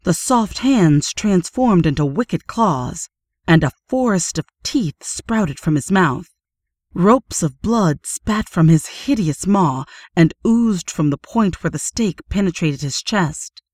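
A woman reading a horror story aloud in steady, measured audiobook narration. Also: lowish voice, no room sound, studio quality.

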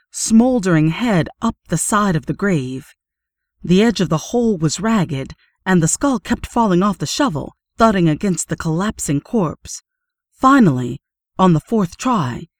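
A woman reading a horror story aloud in steady, measured audiobook narration. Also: mid-range voice, dry recording, studio quality.

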